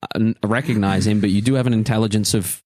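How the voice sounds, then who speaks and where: A man's voice: on the low side, steady tone, quick pace, darkish tone, no echo, clean studio sound. A man narrating as game master of a tabletop role-playing game, often laughing while he describes scenes.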